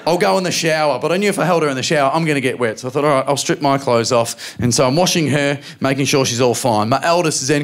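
A man in his thirties with an Australian accent, performing a stand-up comedy routine and acting out quick voices of his family. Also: a little high, a little hiss or hum. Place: live comedy venue with audience laughter.

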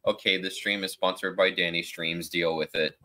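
A man's voice: deep voice, steady tone, normal speed, pushed and bright. A man bantering bluntly and crudely on a casual live stream.

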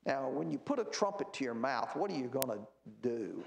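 A man's voice: mid-range voice, sing-song, moderate pace, creaky, echoey room, slight background noise. A man leading a church Bible study, reading scripture aloud with rising emphasis and explaining it plainly with fillers. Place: church meeting room.

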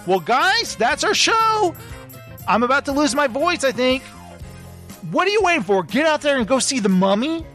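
A man's voice: very high-pitched, big pitch swings, normal speed, sharp tone, faint music behind. A man hosting a podcast, signing off the show in a goofy, joking way and laughing a lot. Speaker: podcast host. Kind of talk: casual podcast sign-off.

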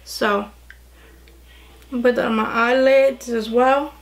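Young woman, beauty vlogger, chatty, gushing, slightly high voice. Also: fairly even intonation, takes it slowly. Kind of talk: casual makeup tutorial chat.

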